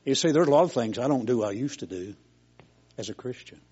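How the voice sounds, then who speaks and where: A man's voice: medium pitch, expressive, a little fast, darkish tone, slightly rough, dull audio. An older man preaching a sermon in a folksy, homespun storytelling way, as a preacher.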